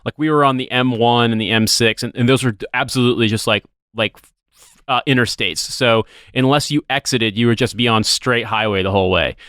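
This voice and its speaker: An American man talking loosely on a podcast, wandering from one aside to the next and dropping the odd curse. His voice is smooth and clear, and it sounds close and dry. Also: mid-range voice, a little fast, fairly bright tone, dry recording. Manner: rambling, swears casually, tries silly voices. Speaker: podcast co-host. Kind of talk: casual podcast chat.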